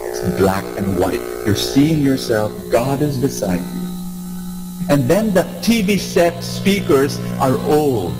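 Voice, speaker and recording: A man giving an inspirational talk to a live audience, animated and engaging, asking questions and leading call-and-response. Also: medium pitch, low-quality recording. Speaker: motivational speaker.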